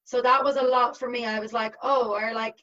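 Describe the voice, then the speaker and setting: A fairly high-voiced young woman in her twenties chats easily as an interview guest, filling her talk with little fillers. The recording sounds a bit dull and lo-fi. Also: steady tone, fairly quick, bright, forceful tone. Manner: chatty, uses many fillers. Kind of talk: casual conversation.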